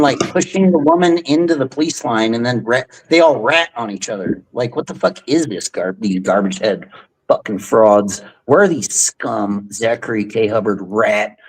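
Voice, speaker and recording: A man's voice: mid-range voice, poor audio. A man hosting a livestream, ranting in a heated, profane and rambling way. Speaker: livestream host.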